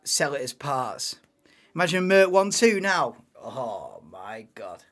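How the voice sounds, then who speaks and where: A man's voice: mid-range voice, sing-song, slow pace, a bit bright. A man hosting a live watchalong, casual banter-heavy commentary that swears and laughs at his own jokes.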